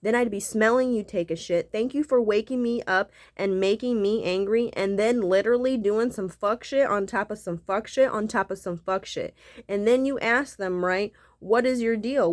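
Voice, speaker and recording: Cranky woman, profane rant, keeps tagging "right?", middle pitch, dry close sound. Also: no room sound. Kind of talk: angry rant to camera.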